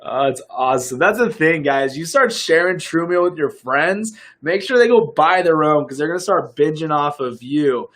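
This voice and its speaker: A young male fitness coach talks on a livestream, answering viewers in a chatty, upbeat way. His voice sits a little higher than most men's. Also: animated, moderate pace, few pauses, a bit bright.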